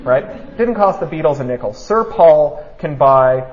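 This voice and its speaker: A man giving a public talk, fast and animated, who keeps asking his audience "right?". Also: fairly high pitch, a little hiss or hum. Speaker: speaker at a talk. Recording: dull lo-fi recording.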